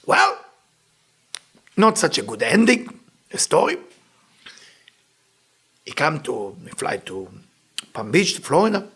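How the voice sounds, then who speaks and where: A man teaching a Kabbalah lesson, telling stories with animated emphasis. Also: on the high side, slow pace, long pauses, breathy edge. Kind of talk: lesson with storytelling.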